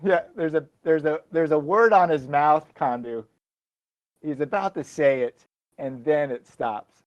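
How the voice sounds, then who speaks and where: A man acting as game master, narrating a tabletop game in a halting way with fillers and chuckles. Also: a little high, no room sound, highs cut off.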